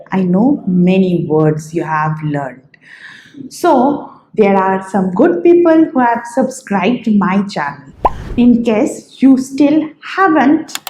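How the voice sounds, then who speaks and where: A woman hosting an English vocabulary lesson, listing words one by one in a slow, deliberate way. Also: on the high side, a little mellow, roomy sound, a little hiss or hum, poor audio. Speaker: English teacher, channel host.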